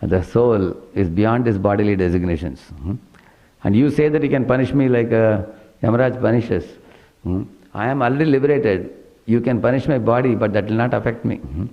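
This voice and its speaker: Preacher doing a calm, wise sage, low and patient, on a dull recording. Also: male voice, fairly quick, close to an everyday voice.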